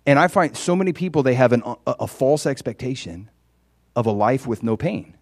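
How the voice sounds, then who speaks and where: A man preaching a conversational sermon, dropping quiet and then rising loud and emphatic. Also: medium pitch, expressive, normal speed, no room sound, studio quality.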